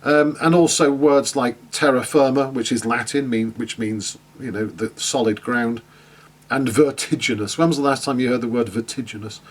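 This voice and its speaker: A man's voice: mid-range voice, moderate pace, hardly any pauses. A man teaching an online class in a chatty way, with many fillers and restarts, asking his students questions. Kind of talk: online lecture.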